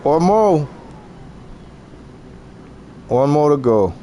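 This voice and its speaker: A Louisiana man in his forties with a Southern US accent chats casually with his viewers while streaming a game, laid-back and laughing often. His warm voice is a little high, with big pitch swings, and he talks extremely slowly over slight background noise.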